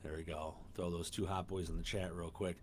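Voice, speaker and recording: A man in his thirties hosting a casual solo podcast from home, rambling, swearing and getting excited. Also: low-pitched, a little fast, slightly rough. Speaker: podcast host. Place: home room.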